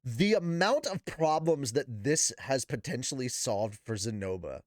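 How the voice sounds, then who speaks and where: Animated, swearing man reading a novel aloud. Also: medium pitch, a little slow, dry recording, clean studio sound. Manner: animated, profane, laughing asides. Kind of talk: book reading with casual commentary.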